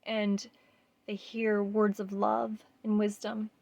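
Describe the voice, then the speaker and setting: A woman gently leading a self-love mirror exercise, speaking earnestly with frequent pauses and fillers. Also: medium pitch, flat delivery, creaky, no room sound. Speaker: self-care guide.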